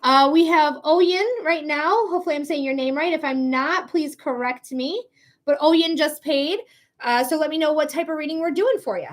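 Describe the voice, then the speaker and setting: A woman's voice: high voice, moderate pace. A woman hosting a live psychic reading stream, chatting casually in a blunt, profane way with frequent laughs. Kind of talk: casual livestream chat.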